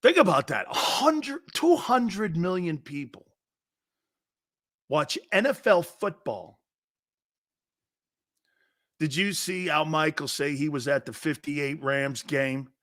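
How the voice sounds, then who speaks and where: A man in his fifties from the northeastern United States, hosting a sports talk show in a casual, joking way and reading out viewer comments. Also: on the high side. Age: 50s. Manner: animated, joking, quick to laugh.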